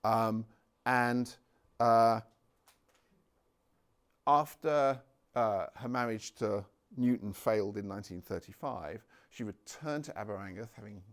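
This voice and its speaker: Male local history speaker in a village hall, lowish gravelly voice, lots of ums. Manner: halting, many ums and restarts. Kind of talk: public talk with slides.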